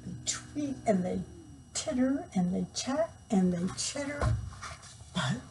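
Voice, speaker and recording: An older woman and grandmother reading a picture book aloud, gently stopping to explain words for children. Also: on the high side, lively intonation, slow, heavy background noise. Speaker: storyteller.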